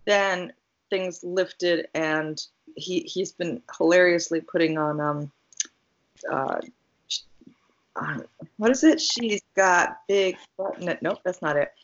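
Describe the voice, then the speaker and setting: A woman's voice: lowish voice, slow. A woman co-hosting a podcast, telling rambling everyday stories in a casual chat and laughing often. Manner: rambling storyteller, laughs a lot. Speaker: podcast co-host. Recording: dull lo-fi sound.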